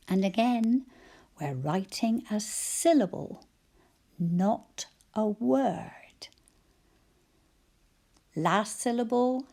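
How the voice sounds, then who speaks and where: A woman teacher slowly sounding out letters and syllables for young children in a phonics lesson, praising them cheerfully. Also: medium pitch, expressive, gravelly, warm tone. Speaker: primary school teacher.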